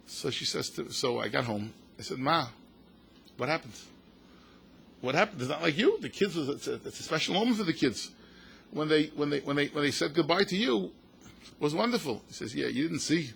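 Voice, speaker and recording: Speaking at normal speed with frequent pauses, this older man from the United States has a somewhat high voice with vocal fry. As a rabbi in a synagogue event hall, he gives a passionate talk full of stories, acting out quotes and mixing Yiddish and Hebrew into his speech.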